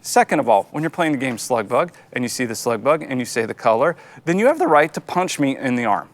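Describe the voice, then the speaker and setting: A man's voice: mid-range voice, quick pace. A man co-hosting a church show, delivering a comedic, exasperated rant. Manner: animated, exasperated ranting.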